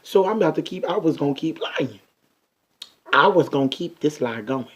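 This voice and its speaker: A young man telling a funny storytime vlog, animated and chatty, often turning to talk straight to his viewers. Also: fairly high pitch, normal speed, slightly rough. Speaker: vlogger.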